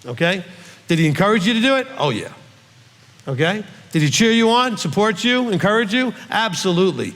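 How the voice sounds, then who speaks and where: A man, a rabbi, teaching in a relaxed Q&A, stressing each point and checking in with "okay?". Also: high voice, brisk, in a large hall. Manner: emphatic, ends points with "okay?". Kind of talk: conversational Bible teaching.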